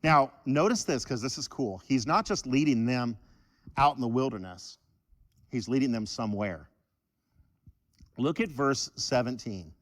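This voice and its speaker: A man preaching a sermon in church, animated and joking with the congregation. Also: mid-range voice, measured pace, long pauses, in a large hall. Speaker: pastor.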